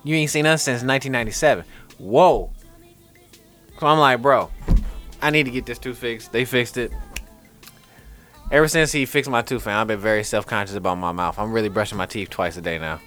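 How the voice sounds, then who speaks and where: A man on a casual podcast tells a story in loose street slang and often laughs mid-sentence. His pitch leaps around as he acts out what he said, and faint music sits under his voice. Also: moderate pace, long pauses. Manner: animated, slangy, laughs while telling stories.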